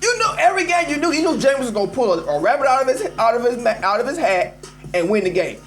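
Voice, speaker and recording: Male call-in host, very high voice, emphatic and animated, faint music under him. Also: fast talker. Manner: animated, emphatic, addresses listeners as y'all. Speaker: host of a live call-in show. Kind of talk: casual sports rant.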